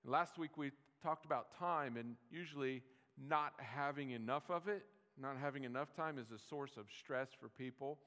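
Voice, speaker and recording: A pastor with a medium-pitched, bright and forceful voice delivers a sermon at a moderate pace with few pauses. His style is conversational and easygoing, with restarts and joking asides, and the recording carries long hall reverb.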